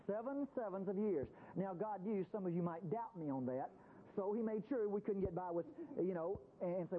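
A man's voice: high voice, normal speed. A man preaching a Bible-teaching sermon in a folksy, conversational way. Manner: folksy, conversational, acts out quotes in voices. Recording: tinny phone-like radio broadcast with faint hiss.

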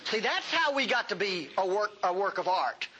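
High, bright-voiced animated preacher man. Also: normal speed, lo-fi sound, a little hiss or hum. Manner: animated, folksy, humorous, emphatic. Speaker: pastor. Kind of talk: sermon.

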